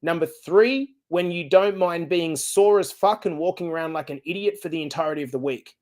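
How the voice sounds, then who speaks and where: A middle-aged man hosting a fitness podcast, coaching listeners in an energetic, direct and casual way. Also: on the high side, fairly quick. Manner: energetic, direct, casual and blunt with occasional swearing. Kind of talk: podcast monologue.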